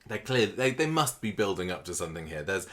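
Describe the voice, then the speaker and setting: A man's voice: deep voice, sing-song, fast, fairly bright tone. A man co-hosting a casual podcast, thinking aloud about the week's soap plots. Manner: thoughtful, musing aloud with restarts. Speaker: podcast co-host. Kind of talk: casual chat recapping a soap.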